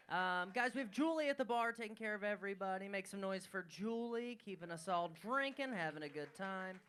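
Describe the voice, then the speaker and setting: A woman's voice: mid-range voice, expressive, fairly quick, few pauses, a bit bright, clean tone. Upbeat woman emceeing a comedy show. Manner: upbeat, hypes up the crowd. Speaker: show host. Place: comedy club stage.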